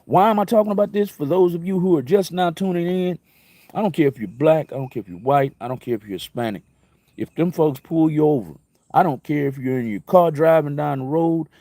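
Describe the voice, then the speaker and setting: A man's voice: brisk, mellow, no room sound. Emphatic storytelling man, dry close mic. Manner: conversational storytelling with repeated phrases and emphatic jumps in pitch. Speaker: internet radio talk host. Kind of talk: casual live-stream monologue.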